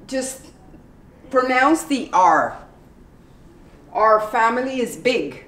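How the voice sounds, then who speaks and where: A woman teaching English pronunciation in a library, repeating example sentences slowly and carefully. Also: on the high side, lively intonation. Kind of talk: pronunciation lesson. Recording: echoey room, voice from the mic's distance.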